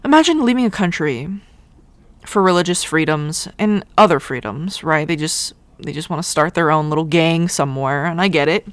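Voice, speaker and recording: A woman's voice: low-pitched, lively intonation, normal speed, dry recording. A woman hosting her own podcast, talking casually in a rambling, irreverent way and swearing freely. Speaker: podcast host. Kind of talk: casual solo podcast monologue.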